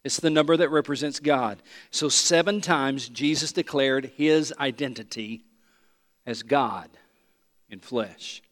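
A man's voice: mid-range voice, a little slow. A male pastor preaching a sermon, emphatic, repeating key lines and leading the congregation to say them with him. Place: church sanctuary. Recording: long reverb of a large hall.

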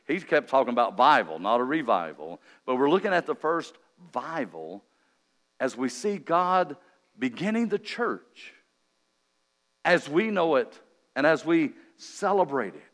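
Revival preacher, man, higher voice, jokey and folksy, big swings in loudness, long church-hall reverb. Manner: folksy and joking, swinging from quiet to loud and emphatic. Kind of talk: revival sermon. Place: church sanctuary during an evening meeting.

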